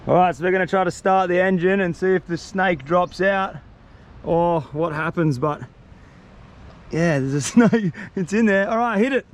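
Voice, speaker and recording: Excitable high-voiced man. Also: normal speed. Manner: excitable, rambling, slangy. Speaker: vlogger. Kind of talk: casual outdoor vlog narration. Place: outdoors in the bush.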